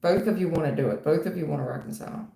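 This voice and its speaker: Lowish voiced woman doing live tarot, calls everyone hun, kinda blunt, echoey room. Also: very fast, gravelly, mellow. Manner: calls viewers hun and baby, blunt, laughs often, swears. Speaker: tarot reader on a livestream. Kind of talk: casual livestream chat reading viewer questions. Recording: roomy echo with faint noise.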